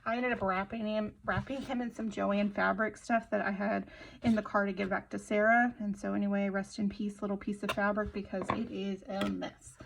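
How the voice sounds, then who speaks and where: Chatty woman with a gravelly edge. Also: mid-range voice, normal speed, a little hiss or hum, low-quality recording. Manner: rambling, animated, many fillers and self-interruptions. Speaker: planner vlogger. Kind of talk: casual chatty storytelling while decorating a planner.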